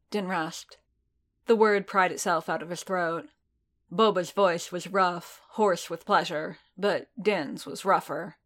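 A woman reading a piece of fan fiction aloud in steady, measured storytelling. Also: on the low side. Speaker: audiobook narrator.

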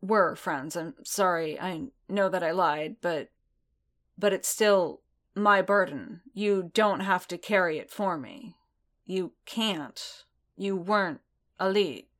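A woman's voice: fairly low pitch, takes it slowly, fairly bright tone. A woman voicing a weary, honor-bound male bounty hunter who stumbles over his words in a fan fiction audiobook. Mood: halting.

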